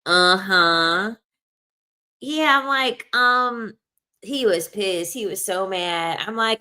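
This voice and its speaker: A young adult woman telling personal stories in a casual, animated way, laughing often and acting out what people said. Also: a little high, slow pace, clean tone. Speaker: video host. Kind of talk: casual storytelling.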